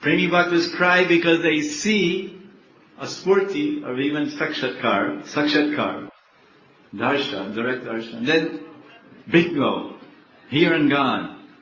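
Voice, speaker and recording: Slow, echoey older man lecturing. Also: fairly high pitch, lively intonation, a bit bright. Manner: slow, repetitive, laughing often. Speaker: spiritual teacher. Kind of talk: devotional lecture. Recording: echoey, dull, faint background noise.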